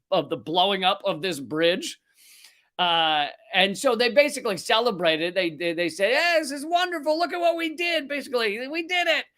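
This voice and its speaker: Host, man, high voice, angry sarcastic swearing rant. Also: sharp tone. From United States. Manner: profane, sarcastic, heated. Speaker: comedy news show host. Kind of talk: ranting satirical commentary.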